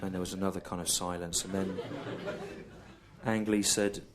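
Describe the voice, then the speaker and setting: An English man in his forties doing stand-up storytelling in a slow, deadpan, repetitive way with long pauses, recorded live on a comedy club stage. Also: deep voice, crowd noise. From England. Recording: live show with loud audience laughter.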